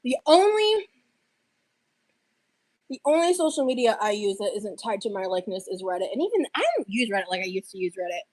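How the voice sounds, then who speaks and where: A woman's voice: medium pitch, big pitch swings, brisk, a little mellow, dry recording. A woman chatting casually on a livestream, defensive and dismissive toward critics. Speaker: livestreamer in played clips.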